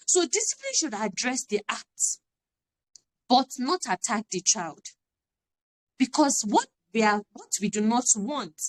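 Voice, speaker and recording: A woman, giving an earnest, emphatic parenting talk on a live stream and repeating her key phrases. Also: on the high side. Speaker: parenting coach.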